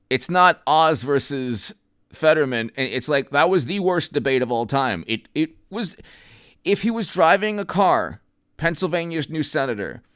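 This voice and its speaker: A man hosts a political commentary stream off the cuff. His smooth, resonant voice sits at an ordinary pitch, and he rambles and stresses points emphatically. The sound is dry and close. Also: fairly bright tone, no echo. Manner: rambling, emphatic, with frequent restarts; reads out viewer names and thanks them. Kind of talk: unscripted political commentary livestream.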